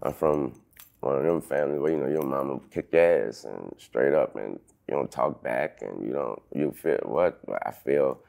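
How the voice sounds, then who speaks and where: A man in his thirties, an interview guest telling a painful personal story in halting sentences full of restarts. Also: very deep voice, vocal fry. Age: 30s. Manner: halting, restarts sentences, loud when quoting others.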